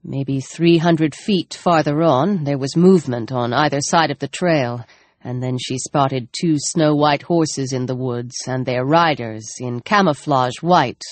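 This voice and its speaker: A woman reading a novel aloud with steady, dramatic storytelling. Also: low-pitched, measured pace, no room sound. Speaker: audiobook narrator. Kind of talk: scripted audiobook narration.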